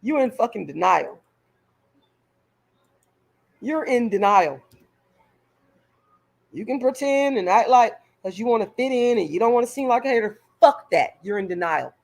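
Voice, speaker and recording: A woman's voice: fairly high pitch, lively intonation, moderate pace, gravelly, pauses often, a little mellow. A woman vlogger delivering a heated, profane rant straight to her viewers, stumbling over repeated words as she pushes her point. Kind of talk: direct-to-camera rant.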